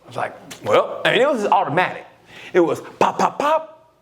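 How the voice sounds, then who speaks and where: A middle-aged man in a casual podcast chat, storytelling with a voice that jumps high and drops low again. His pitch sits a little above the usual for a man. He often plays out the people he talks about as he goes. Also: a little fast. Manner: animated storytelling, swings between high and low, acts out quotes. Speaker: podcast co-host.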